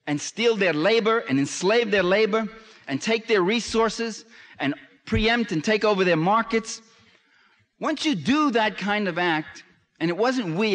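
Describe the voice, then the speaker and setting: A man's voice: fairly high pitch, fairly bright tone, in a large hall. A man giving a public lecture in an emphatic, sarcastic manner that rises to impassioned.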